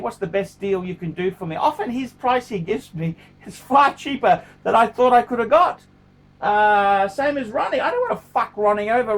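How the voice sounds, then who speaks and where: Blunt, profane man. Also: very high voice. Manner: blunt and profane, repeats himself. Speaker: watch collector vlogger. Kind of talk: casual talking-to-camera vlog.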